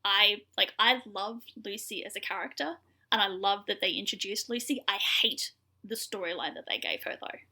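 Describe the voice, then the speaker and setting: Young woman podcast cohost, chatty recap, lots of ums, bright voice. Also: medium pitch, normal speed. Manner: chatty storyteller, frequent fillers. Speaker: podcast co-host. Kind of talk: casual episode recap chat.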